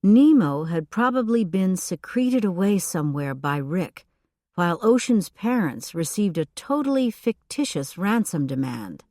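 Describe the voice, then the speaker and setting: Expressive woman audiobook narrator, dry. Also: lowish voice, no echo.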